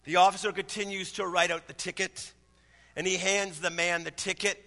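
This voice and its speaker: A man's voice: high voice, flat delivery, moderate pace, bright, forceful tone, long reverb tail. A man in his thirties, a pastor preaching a sermon in a conversational, storytelling way. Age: 30s.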